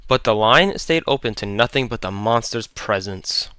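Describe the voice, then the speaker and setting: Bright, clear male horror narrator. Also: fairly low pitch, expressive, no echo. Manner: dramatic, deliberate storytelling.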